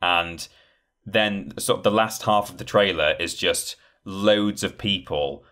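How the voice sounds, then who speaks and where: A man co-hosting a casual podcast, retelling things in a rambling, animated way and acting out quotes. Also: deep voice, slow pace, clean tone. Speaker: podcast co-host. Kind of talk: casual chat.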